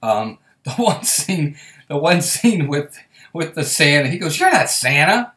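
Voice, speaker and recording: A man's voice: a little high, expressive, measured pace, a bit bright, reverberant. Chatty laughing man hosting a live stream. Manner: laughs often, chatty, reads viewer comments aloud. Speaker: host. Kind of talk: casual live-stream chat.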